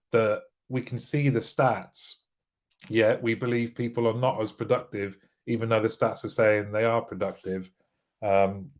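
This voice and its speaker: A British man hosting a casual live show, greeting viewers by name and joking as he reads their comments. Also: mid-range voice. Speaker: livestream host.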